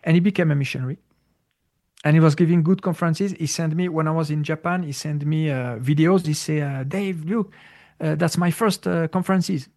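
Guy with gravelly voice, english not his first language, lots of uhs, casual spiritual talk. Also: fairly high pitch, a little mellow. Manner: halting, searching for words, many fillers. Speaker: spiritual teacher.

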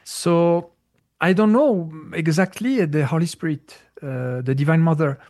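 Gravelly man, halting non-native English. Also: fairly high pitch, darkish tone. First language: not English. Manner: halting, searching for words, many fillers. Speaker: spiritual teacher. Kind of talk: casual conversational talk.

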